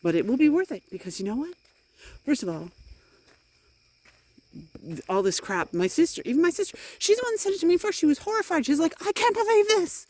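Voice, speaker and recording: A woman's voice: high-pitched, sing-song, a little fast, long pauses, a little mellow, no room sound. A middle-aged woman vlogging outdoors while walking in the rain, talking into a phone in a frustrated, emphatic way. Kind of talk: walking vlog monologue.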